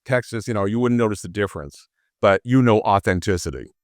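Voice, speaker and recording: A man's voice: lowish voice, fairly quick, no room sound, clean studio sound. Chatty Boston man. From Boston, USA. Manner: chatty, rambling, with frequent "you know". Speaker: podcast guest, marketing executive. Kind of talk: casual podcast chat.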